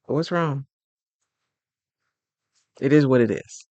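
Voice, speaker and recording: A man offers casual relationship advice in a chatty, colloquial style, performing little scenes with quoted voices. He speaks at normal speed in a mid-range voice with lively intonation, and there is no echo.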